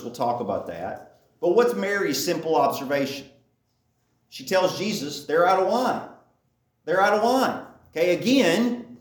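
A man giving a conversational Bible teaching, often checking in with his listeners. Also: a little high. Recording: echoey room.

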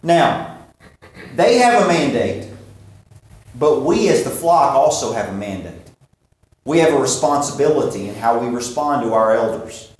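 A man preaching a sermon, asking questions and answering them himself, slowing down to stress key points. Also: medium pitch, very animated. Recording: very echoey hall.

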